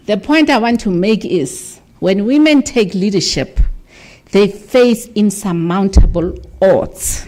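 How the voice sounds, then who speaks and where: A woman's voice: mid-range voice, slow, a little mellow. A woman emcees a university ceremony from a podium microphone in a function hall. She keeps the tone loose and chatty, stepping off the script to consult the planners aloud. Her voice sits in the middle of the usual female range. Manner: chatty, off-the-cuff, checks with the team aloud. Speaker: master of ceremonies. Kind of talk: informal hosting of a formal ceremony.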